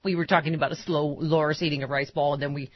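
A woman hosting a political talk radio show, bantering fast with lots of restarts and laughs. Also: low voice, steady tone, highs cut off. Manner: quick, laughing, restarts a lot.

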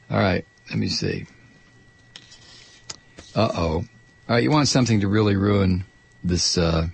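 A man hosting a talk radio show, rambling through a sarcastic monologue close to a studio mic. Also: mid-range voice. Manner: sarcastic, rambling, mock voices.

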